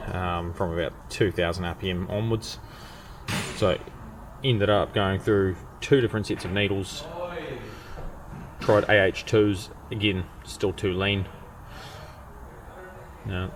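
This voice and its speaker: Croaky-voiced man in a workshop. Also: sits low, a little hiss or hum. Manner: plain, methodical technical talk with fillers. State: croaky from a cold. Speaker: mechanic and channel host. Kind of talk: casual workshop vlog. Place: car workshop.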